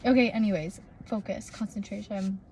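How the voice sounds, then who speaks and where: A woman's voice: mid-range voice, fairly even intonation, moderate pace, a little mellow, a little hiss or hum. A young adult woman vlogging casually from her car, rambling with lots of fillers and restarts, recorded on a propped-up phone. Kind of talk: casual vlog chat. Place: in a parked car.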